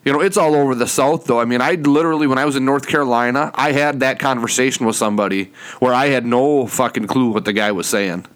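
A man's voice: mid-range voice, quick pace, hardly any pauses. A man with a Minnesotan accent co-hosting a podcast in easygoing casual chat. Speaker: podcast co-host.

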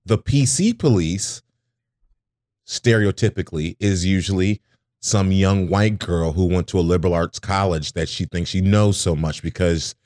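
A man in casual conversation, telling stories with animated, acted-out quotes. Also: normal speed, no echo, studio quality. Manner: animated storyteller, acts out quotes in a high voice. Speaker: podcast co-host. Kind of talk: casual storytelling chat.

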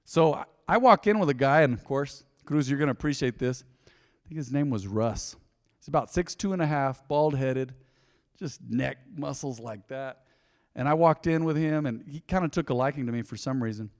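A male pastor preaching a sermon, telling a personal story in a conversational way, swinging between loud emphasis and soft asides. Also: medium pitch, normal speed. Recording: long reverb of a large hall.

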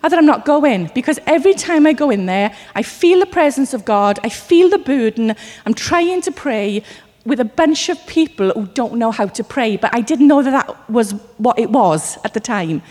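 A woman from Wales delivers a sermon with a slightly high voice that rings out into a large hall. She tells personal stories and acts out little voices as she goes. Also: normal speed. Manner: animated storytelling with acted asides. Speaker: preacher.

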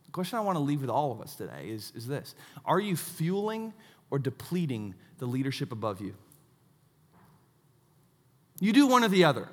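A man in his thirties preaching a sermon, telling stories with self-mocking asides and a lively delivery. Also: mid-range voice, normal speed, long pauses, long reverb tail. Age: 30s. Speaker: pastor.

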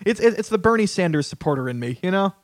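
A man's voice: high-pitched, lively intonation, fast, dry recording, clean studio sound. A man hosting a casual podcast, crude and joking, arguing his point. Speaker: podcast host.

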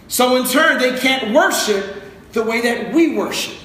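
High-voiced preacher in echoey hall. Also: male voice, expressive, normal speed, fairly bright tone. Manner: conversational and joking, asks the crowd to repeat words. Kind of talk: sermon. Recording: very echoey room with faint noise.

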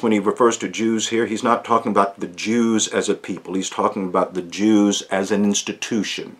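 A man teaching through a Bible passage, earnest and emphatic, slowing down to stress key phrases. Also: on the low side. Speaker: pastor.

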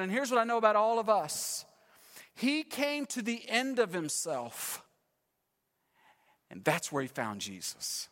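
A man pastor preaching a sermon with dramatic storytelling, swinging between loud passages and hushed ones. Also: high-pitched, long reverb tail.

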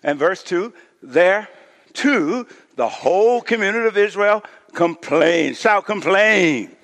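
Male pastor, high-pitched preaching voice, scripture reading and call-and-response, long hall reverb. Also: animated, takes it slowly, vocal fry. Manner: preaching, calls on the congregation to shout responses; reads scripture, voicing the complaining crowd with rising intensity. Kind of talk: sermon.

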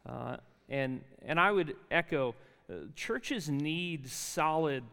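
A man's voice: on the high side, lively intonation, slow, creaky, sharp tone. New Jersey man preaching in a reverberant hall. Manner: conversational storytelling with frequent fillers and restarts. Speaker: chapel speaker. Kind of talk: sermon with personal testimony. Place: large university chapel hall.

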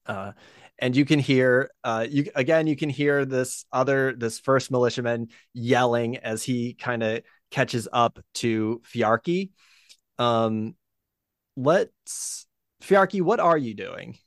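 A man's voice: mid-range voice, takes it slowly, smooth, no room sound, studio quality. A man narrating a tabletop game as game master, rambling with many fillers.

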